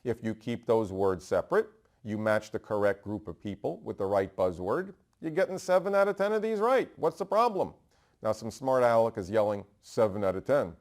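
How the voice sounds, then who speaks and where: A man from New York teaching a bar exam review, fast and emphatic, asking rhetorical questions and answering them himself. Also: mid-range voice, darkish tone. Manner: brisk and emphatic, repeating key terms. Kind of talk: energetic law review lecture.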